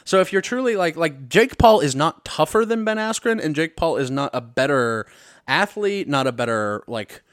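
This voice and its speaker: On a podcast mic with clean studio sound and no room sound, a Missouri-born young man rants comedically as host. His fairly bright voice runs on the high side, expressive at a moderate pace, and his talk is profane, rambling and jokey, often cutting itself off.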